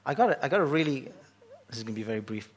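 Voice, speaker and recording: A man preaching a sermon in an animated way, often restarting phrases as he builds excitement. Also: mid-range voice, racing.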